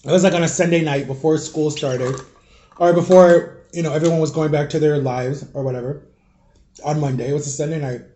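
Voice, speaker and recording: Young guy rambling to his viewers, lots of um and like, kinda high but mellow voice. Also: fairly even intonation, fairly quick. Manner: rambling, filler-heavy, confiding. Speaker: vlogger. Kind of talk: casual storytelling vlog.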